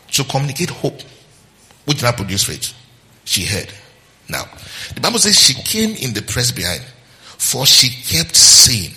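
A man's voice: medium pitch, bright, forceful tone, long reverb tail. A man preaching a sermon as pastor, calling on the congregation to answer and acting out quotes in different voices. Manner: preaching with call-and-response and acted-out quotes.

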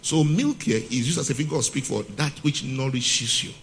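A man preaching a sermon to a congregation, reading scripture slowly and asking rhetorical questions he answers himself. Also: medium pitch, slight background noise. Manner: repeats key points for emphasis; reads scripture slowly and emphatically.

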